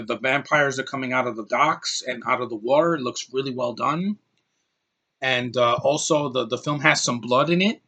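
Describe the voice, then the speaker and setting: A man's voice: medium pitch, bright, forceful tone. A man giving a casual, ranting film review, blunt and heated, often repeating and restarting his words. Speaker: movie reviewer.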